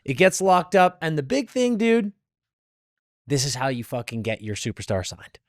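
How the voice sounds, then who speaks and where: High-voiced hype podcast host, a man. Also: normal speed, dry recording, clean studio sound. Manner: energetic, crude joking banter. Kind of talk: casual hockey podcast chat.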